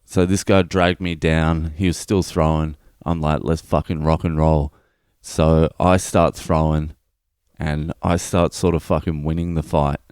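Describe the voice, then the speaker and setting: A man's voice: a bass voice, flat delivery, measured pace, a little mellow, clear, resonant tone, dry recording, studio quality. A man, a comedian hosting his own podcast, telling a profane comic story in a blunt, loose, conversational way. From Australia.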